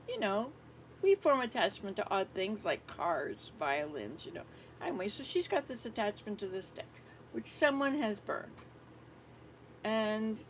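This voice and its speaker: An older woman serving as a missionary, telling a family story in a rambling, animated way and acting out the dialogue. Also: fairly high pitch, slight background noise, poor audio. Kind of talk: casual storytelling vlog.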